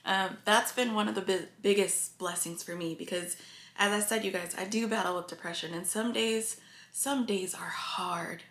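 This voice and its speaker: Woman vlogger, mid-pitch, confiding and teary, echoey room. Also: fairly even intonation, normal speed, fairly bright tone. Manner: earnest and confiding, addresses viewers often. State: emotional, near tears. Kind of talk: casual talk to camera.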